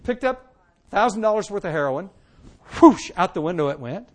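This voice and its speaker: A high-voiced man gives his testimony from the pulpit. His storytelling is animated, rising loud and dropping to a hush, and he acts out every line he quotes. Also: moderate pace. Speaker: preacher giving his testimony. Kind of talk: sermon testimony.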